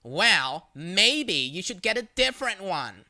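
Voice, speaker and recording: A narrator voicing a rude, entitled woman shopper who scolds and makes demands loudly, with a lively, bright voice. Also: medium pitch, takes it slowly, full character voice. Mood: demanding.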